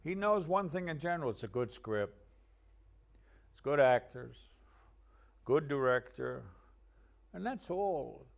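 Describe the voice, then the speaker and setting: A man with a gravelly, fairly high voice speaks slowly and reflectively in an old interview. He pauses often and restarts his thoughts as he searches for words. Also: lively intonation. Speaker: actor interviewee. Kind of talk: archive interview.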